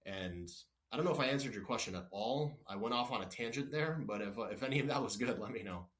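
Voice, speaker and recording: A man's voice: mid-range voice, expressive, fast talker. Man, podcast guest, blunt, no-nonsense, storytelling, acts out exchanges, restarts often. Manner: frequent restarts and apologies, wanders off topic. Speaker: company executive guest. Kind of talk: casual podcast interview.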